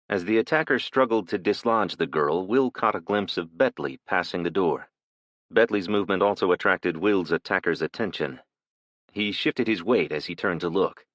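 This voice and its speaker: Deep-voiced man narrating an audiobook. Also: no echo. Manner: measured, steady storytelling.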